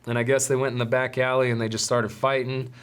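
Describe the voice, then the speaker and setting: A man hosting a podcast, telling a story in a casual, animated, profane way with street slang. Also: mid-range voice, quick pace, smooth. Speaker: podcast host.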